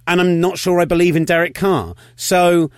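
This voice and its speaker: A man's voice: high voice, steady tone, smooth, dry recording. Opinionated man, dry studio sound. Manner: opinionated, rapid-fire and wry. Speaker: podcast co-host. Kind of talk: casual sports chat.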